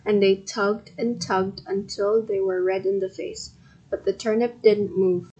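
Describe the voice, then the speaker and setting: A woman hosting a podcast reads a children's story aloud carefully, with loud animal noises and shouts for the characters. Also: mid-range voice, steady tone, slightly rough, highs cut off. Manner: slow, careful reading with bursts of loud sound effects. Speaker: podcast host and story reader.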